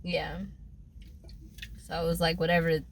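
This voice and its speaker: A woman's voice: fairly high pitch, very animated, a little fast, very noisy. A young woman co-hosting a casual podcast over drinks, teasing and laughing often. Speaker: podcast co-host.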